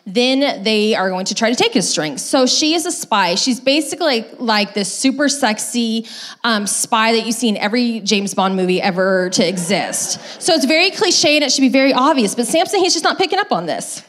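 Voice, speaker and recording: A woman's voice: on the high side, normal speed. A young adult woman pastor preaching a sermon. She tells the story casually, with lots of fillers, and acts out quoted lines. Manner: lively retelling with acted quotes.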